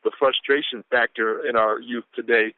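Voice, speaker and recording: A caller from Atlanta, Georgia reads the day's quotes on a motivational conference call, whooping, repeating lines, and preaching with exuberance. His medium-pitched voice is steady and clean, at normal speed. The sound is dry, captured by phone over the line.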